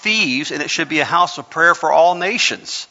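A man's voice: a little high, animated, moderate pace, pushed and bright. A man preaching a sermon in church into a microphone, fervent and folksy, building up to hollering. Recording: reverberant hall, dull lo-fi sound.

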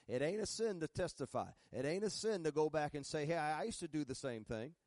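A man's voice: on the high side, sing-song, fast, hardly any pauses, darkish tone, no echo. Emphatic preacher man, dry sound. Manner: preaching with rising, emphatic bursts and spelled-out Greek words; folksy, uses "ain't" and humor. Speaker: pastor. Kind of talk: sermon.

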